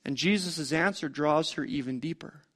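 High-voiced preacher asking rhetorical questions. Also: male voice, normal speed, fairly bright tone. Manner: conversational, full of rhetorical questions. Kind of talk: storytelling sermon.

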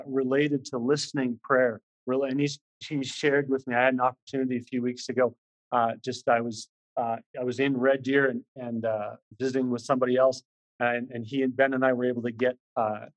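Male visiting preacher, slightly higher voice, casual and earnest sermon delivery. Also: low-quality recording. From Canada. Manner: earnest, repetitive, many restarts and fillers. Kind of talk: conversational sermon.

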